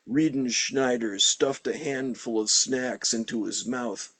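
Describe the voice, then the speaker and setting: A man narrates a short story in an even storyteller voice. His tone is husky and breathy, and the sound is close and dry. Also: medium pitch, unhurried, few pauses, no room sound. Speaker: reader. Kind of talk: reading fiction aloud.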